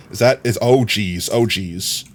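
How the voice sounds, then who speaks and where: A man's voice: on the low side, slow. A young man streaming a game live, chatting casually, rambling and correcting himself, often breaking into laughter. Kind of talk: casual live-stream chat while gaming.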